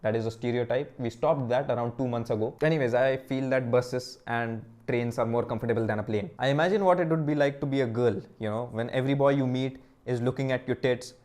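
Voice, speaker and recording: A man's voice: medium pitch, fairly quick, few pauses. A young man doing crude stand-up comedy alone in his room into a camera. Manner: crude, deadpan-to-excited comic delivery. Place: own room. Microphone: camera mic.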